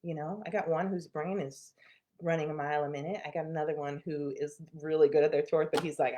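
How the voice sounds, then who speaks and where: Middle-aged female therapist, casual to-camera talk, lowish voice, animated and laughing. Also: fast. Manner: animated storytelling, laughs often, shifts between loud and quiet. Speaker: therapist and channel host.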